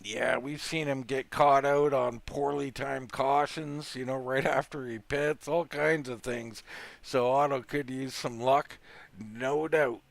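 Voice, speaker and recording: A man calling a live sim race play-by-play, energetic and rattling off driver names quickly. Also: medium pitch, vocal fry, no echo. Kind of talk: live sim racing commentary.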